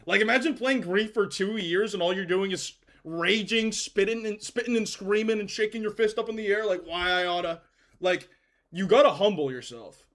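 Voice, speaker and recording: Bright-voiced young man streaming a game. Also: sits high, normal speed. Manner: rambling, slangy, swears freely. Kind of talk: casual livestream chat.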